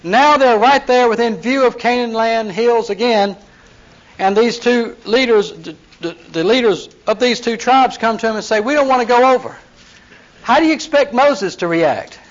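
A high-pitched man leads a Bible class in a loose, talkative way. He acts out the scripture scenes in lively voices and throws questions to the room. The recording is dull and lo-fi. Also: unhurried. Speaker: Bible teacher. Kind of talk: conversational Bible teaching.

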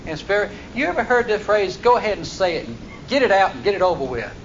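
A man's voice: high voice, sing-song, quick pace. A man preaching a sermon, reading scripture verses aloud and then explaining them in plain, folksy talk. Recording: dull lo-fi recording with faint noise.

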